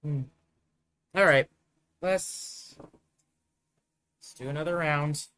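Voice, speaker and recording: A man's voice: on the high side, very slow, fairly bright tone. Swearing, exasperated male game streamer. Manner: profane, exasperated rambling. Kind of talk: live gameplay commentary.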